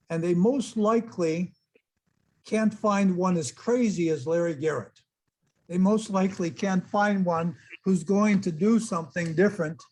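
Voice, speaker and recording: Husky-voiced man telling a vivid story. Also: high-pitched, poor audio. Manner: animated storyteller who acts out quoted voices. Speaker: hypnotist giving an online talk. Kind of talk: storytelling presentation to a live online audience.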